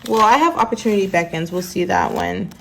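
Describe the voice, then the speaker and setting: A woman's voice: mid-range voice, huge pitch swings, brisk, gravelly, soft background music. A woman giving a casual tarot reading to her viewers, chatty and mixing readings from the deck's guidebook with asides to the audience. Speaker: tarot card reader.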